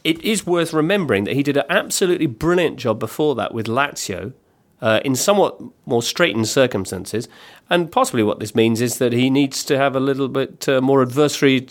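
Chatty man hosting. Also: mid-range voice. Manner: chatty, self-deprecating, reads listener posts. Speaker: podcast host. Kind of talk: casual football podcast chat.

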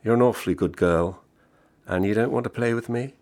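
A man's voice: lowish voice, brisk, darkish tone, pitched above the performer's own voice, natural voice. A man reading the part of a bored, sardonically joking American man of thirty-five. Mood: wry. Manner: wry, teasing, mock-jovial.

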